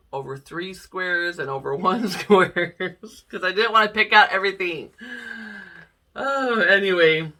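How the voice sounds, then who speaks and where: A woman's voice: lowish voice, bright, forceful tone, recorded from a distance. A middle-aged woman chatting casually to camera about her cross-stitch projects, rambling and laughing often. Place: home room.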